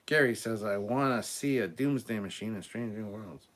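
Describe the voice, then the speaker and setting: A man hosting a live stream, reading out viewer comments and giving blunt, opinionated answers, often clearing his throat and stumbling over words. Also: fairly low pitch, normal speed, fairly bright tone. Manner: blunt and opinionated, swears casually. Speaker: host of a live show.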